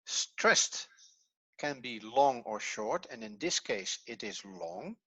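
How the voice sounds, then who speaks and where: A middle-aged man teaching a grammar lesson, explaining slowly and step by step, a non-native English speaker whose first language is Dutch. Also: medium pitch, big pitch swings, sharp tone, breathy edge, dry recording. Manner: slow, methodical explaining step by step. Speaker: Hebrew teacher.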